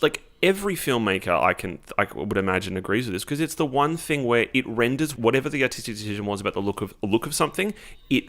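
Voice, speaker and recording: A man co-hosting a casual film podcast, talking in an animated, emphatic way and swearing freely. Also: mid-range voice, quick pace. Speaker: podcast co-host.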